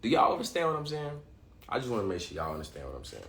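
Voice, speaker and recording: Excitable man talking in an echoey room. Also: lowish voice, racing. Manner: excitable, repeats and restarts, casual slang. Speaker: livestream host. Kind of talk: live-streamed talk to viewers.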